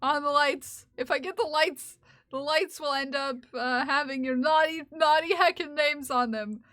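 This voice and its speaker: A woman's voice: high-pitched, moderate pace, bright, forceful tone. A woman live streamer chatting casually with her viewers while knitting, playfully and teasingly scolding them in mock outrage. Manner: giggly and teasing.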